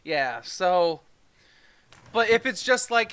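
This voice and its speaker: Bright, high-voiced chatty male co-host. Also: lively intonation, moderate pace. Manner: chatty, laughs often, rambling sign-off. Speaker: podcast co-host. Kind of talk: casual chat.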